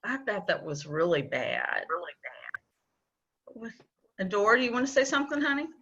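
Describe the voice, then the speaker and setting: A woman teaching a children's Bible lesson on a video call, gently coaxing the kids and repeating her questions. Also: mid-range voice, sing-song, normal speed, slight background noise. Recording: dull lo-fi video call audio.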